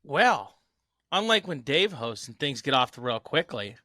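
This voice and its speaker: Male host, brisk and directing, bright tense tone, dry close sound. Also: mid-range voice, sing-song, no room sound. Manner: brisk, wraps up and directs the others. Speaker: podcast host. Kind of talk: casual chat.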